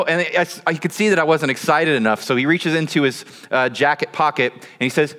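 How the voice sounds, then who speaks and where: A man preaching, a pastor who prays and then tells a story in a reserved, low-key, dryly humorous way. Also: fairly quick, hardly any pauses, a bit bright, long reverb tail. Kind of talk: sermon with prayer and storytelling.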